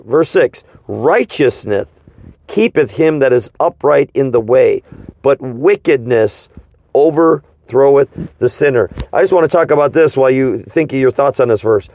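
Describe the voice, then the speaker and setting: A man leading an informal Bible study conversation, teaching slowly and emphatically and asking his partner rhetorical questions. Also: medium pitch, expressive, a little mellow.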